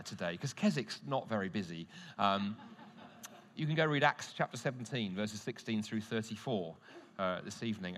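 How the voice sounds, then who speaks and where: A man giving a teaching talk to a Christian audience, telling stories and asking rhetorical questions. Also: mid-range voice. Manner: lively storytelling with rhetorical questions. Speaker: conference speaker. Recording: long hall reverb.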